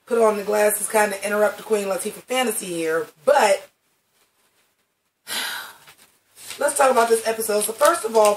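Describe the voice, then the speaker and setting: A woman's voice: mid-range voice, slight background noise. A woman reviewing a drag competition show in a casual vlog, talking sassy and slangy. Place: home video setup by a green screen. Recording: roomy, mic at some distance.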